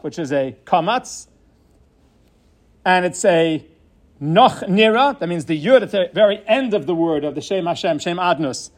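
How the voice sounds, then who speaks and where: A man with a fairly high, light voice teaches a Torah lesson on Hebrew grammar. He explains each point in a measured, patient way and weaves Hebrew terms into his speech. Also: darkish tone.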